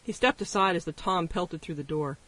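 High-voiced man narrating an audiobook. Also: a little fast, sharp tone. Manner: wry first-person storytelling. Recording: voice distant from the mic.

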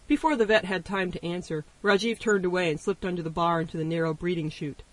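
A man's voice: sits high, quick pace, hardly any pauses, a bit bright, no room sound. A man narrating an audiobook in a wry first-person storytelling manner. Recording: voice distant from the mic.

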